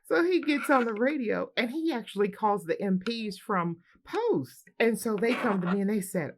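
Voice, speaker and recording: Gravelly-voiced woman telling a war-veteran anecdote. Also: on the high side, normal speed, few pauses. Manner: lively, laughs often while telling. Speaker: military veteran telling a personal story. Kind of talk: personal anecdote told to camera.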